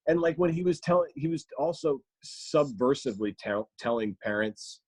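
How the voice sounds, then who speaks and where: Man, podcast guest, mid pitch, dry close sound, animated. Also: slightly rough, no echo. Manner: animated, slips into quick impressions. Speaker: guest comedian and voice actor. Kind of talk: casual podcast chat.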